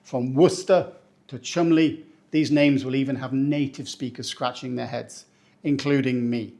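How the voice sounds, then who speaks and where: Playful teacher from England. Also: male voice, medium pitch, fairly even intonation, gravelly, dark tone. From northeast England. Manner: playful, slows down to spell out words. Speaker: English teacher. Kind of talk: educational pronunciation lesson.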